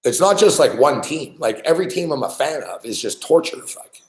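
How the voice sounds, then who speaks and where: A man's voice: on the high side, sing-song, a little fast, reverberant, poor audio. A man hosting a sports betting show, ranting with constant swearing and frustration while he follows a live game. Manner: swears constantly, frustrated and exasperated, shouting at players. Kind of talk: profane live sports rant.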